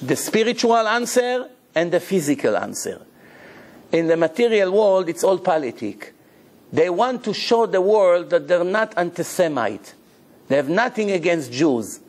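A rabbi giving a Torah lecture, animated and acting out little dialogues as he preaches. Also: measured pace. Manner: animated, acts out dialogue with big pitch swings.

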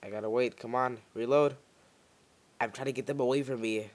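A man's voice: mid-range voice, fairly even intonation, fairly quick, slight background noise. A man giving jumpy, muttering commentary while playing a horror game, bursting into panicked yelps when scared. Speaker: gaming YouTuber.

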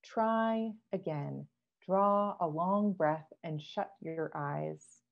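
A woman voicing a brisk, insistent old queen from a storybook in an emphatic reading voice. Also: on the low side, gravelly, dull audio, full character voice.

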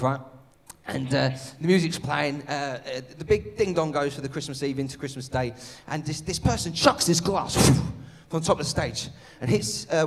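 A man's voice: fairly high pitch, big-room sound. A man doing a live stand-up set, sweary and teasing the crowd. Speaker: stand-up comedian. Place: comedy venue stage.

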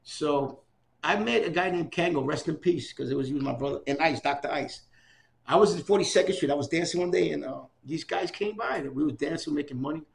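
This older man from New York City speaks a little high and fairly quickly, with vocal fry. Sharing stories in an oral history interview, he animatedly performs the voices of those he quotes.

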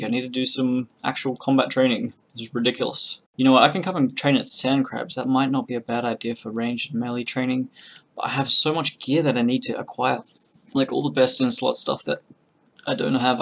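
A young man giving casual, chatty gameplay commentary as a channel host, swearing freely and breaking into loud bursts of excitement. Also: medium pitch, creaky.

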